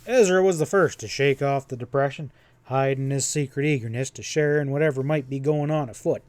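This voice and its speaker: A man's voice: medium pitch, a little fast, a little mellow, no echo. Man narrating a western audiobook. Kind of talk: audiobook reading.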